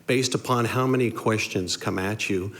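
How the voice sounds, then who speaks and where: Measured low-voiced man at a meeting podium. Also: a bit bright. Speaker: public commenter. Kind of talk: prepared public comment. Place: city council chamber.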